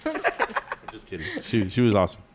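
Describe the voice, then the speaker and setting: Very deep-voiced laid-back man. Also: huge pitch swings, quick pace, a little hiss or hum. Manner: rambling, laid-back, filler-heavy. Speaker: podcast co-host. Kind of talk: casual chat, storytelling.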